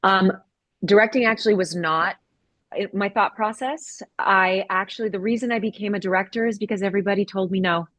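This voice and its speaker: A woman's voice: medium pitch, fairly quick, fairly bright tone, no room sound. A woman writer and director speaking in an upbeat, determined way in an interview over a video call. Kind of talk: casual interview chat.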